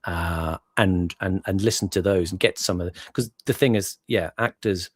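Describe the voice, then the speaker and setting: A man talking as a podcast guest in casual chat, halting and searching for words. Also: low-pitched, husky, no echo.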